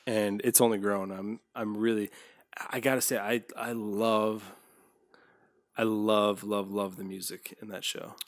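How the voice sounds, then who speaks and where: A man's voice: on the low side, measured pace, no room sound. Laid-back podcast co-host man, dry sound. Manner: relaxed, laid-back, trails off searching for names. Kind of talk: casual chat.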